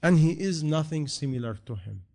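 A man's voice: a little high, animated, normal speed, gravelly, a little mellow. Earnest preaching man. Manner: earnest, repetitive rhetorical questions, non-native grammar. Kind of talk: sermon.

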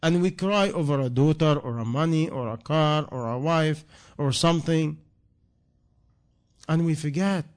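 A man's voice: a little high, measured pace. Earnest preaching man. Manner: earnest, repetitive rhetorical questions, non-native grammar. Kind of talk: sermon.

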